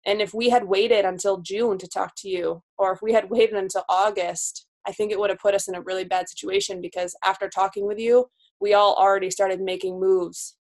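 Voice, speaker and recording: A woman in her twenties, a new physical therapist, talking candidly in a casual podcast interview. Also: medium pitch. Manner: candid, chatty, quick laughs.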